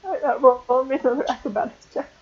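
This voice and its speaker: A woman's voice: sits high, fairly even intonation, racing, breathy edge, lo-fi sound. A young woman narrating as game master for a tabletop game, hesitant and full of ums and restarts.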